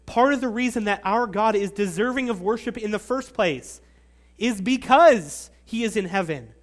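A man with a high voice preaches a sermon. He teaches earnestly and leans on emphatic pauses. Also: expressive. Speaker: pastor.

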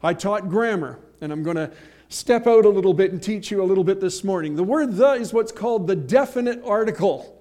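A man preaching a sermon, emphatic, slowing and swelling on key phrases, with folksy asides and homely examples. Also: sits high, expressive, mellow. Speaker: pastor.

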